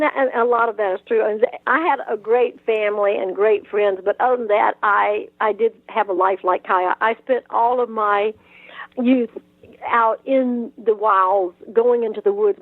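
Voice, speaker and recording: An older woman from South Georgia with a Southern accent, telling stories as an interview guest, lively and full of restarts. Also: mid-range voice, moderate pace, dry recording. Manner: animated storytelling, frequent restarts and laughs. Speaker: author guest. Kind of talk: conversational interview. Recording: tinny phone-like line, dry.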